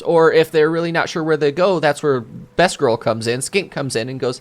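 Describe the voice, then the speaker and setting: A man's voice: fairly high pitch, steady tone, normal speed. A man answering viewer questions as a game master in casual chat. He thinks aloud, restarts his sentences, and explains with examples from his own campaign.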